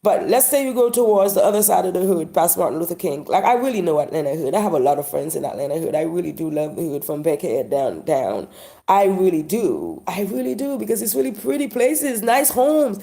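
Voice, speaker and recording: Gravelly Haitian-accented woman, rambling monologue. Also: on the low side, expressive, brisk. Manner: rambling, sighing, swings from loud to whispered. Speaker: vlogger.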